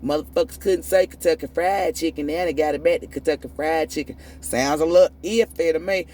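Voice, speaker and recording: A woman's voice: deep voice, fairly quick, mellow, a little hiss or hum. Profane, fiery woman ranting. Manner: profane, emphatic, preachy; repeats and restarts words when fired up. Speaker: tarot reader. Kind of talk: ranting spiritual monologue.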